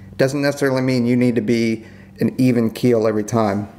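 A man co-hosting a casual podcast, talking about his work as an air controller and jumping up high when he quotes people. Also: fast, a little hiss or hum. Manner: animated, jumps up in pitch when quoting. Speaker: podcast co-host, former JTAC.

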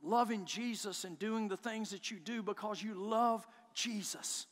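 Man, pastor, sermon, very high voice, shouting declarations, long hall reverb. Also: unhurried. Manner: preaching with rising shouts and repeated declarations. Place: church sanctuary.

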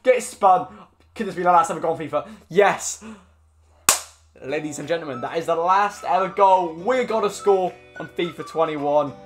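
A young man commentating his own football video game matches, slangy, swearing and shouting when goals go in. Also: high-pitched, normal speed, faint music behind. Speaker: gaming YouTuber. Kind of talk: excited gameplay commentary. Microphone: desk microphone.

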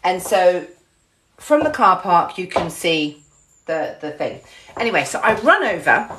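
A woman's voice: on the low side, sing-song, measured pace, noisy background. A woman telling a story to her camera in a chatty, casual way, often repeating words and describing things with gestures. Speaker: vlogger.

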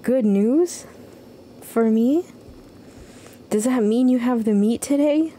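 A curious young girl heroine from a video game, as a woman puts her on. Her voice sits clearly above the woman's normal pitch. Her lines come out as wondering, questioning remarks. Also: slow, warm tone, a little hiss or hum.

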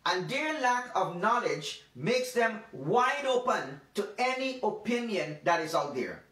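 A man with a high voice preaches a devotional sermon, leaning hard on key words and repeating them for emphasis. He sits back from the mic, and the room rings around his voice. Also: big pitch swings, pushed and bright. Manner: emphatic, repetitive preaching with slow stressed phrases. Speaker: pastor. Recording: roomy sound from a distant mic.

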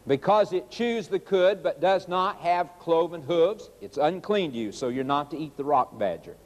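Animated folksy preacher man. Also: a little high, moderate pace, big-room sound. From rural United States. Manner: addresses the audience as folks, acts out quotes in a raised voice. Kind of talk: sermon.

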